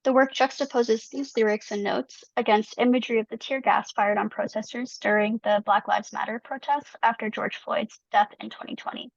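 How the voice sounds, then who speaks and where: Woman w a higher, gravelly voice reading formal museum notes, kinda dull lo-fi audio. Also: fairly even intonation, moderate pace, few pauses, no room sound. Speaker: museum staff presenter.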